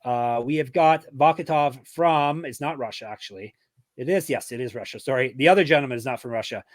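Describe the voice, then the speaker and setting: Energetic man doing podcast ad reads. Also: medium pitch, no echo, studio quality. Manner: energetic, self-deprecating, quick ad reads. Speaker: podcast host. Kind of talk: casual chat and ad reads.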